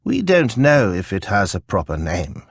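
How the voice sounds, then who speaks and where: A man reading an audiobook, voicing a kindly, stooped old male priest who talks in a slurred, creaky, gentle way. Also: on the low side, wildly swooping pitch, normal speed, dry recording, full character voice. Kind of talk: audiobook character voice.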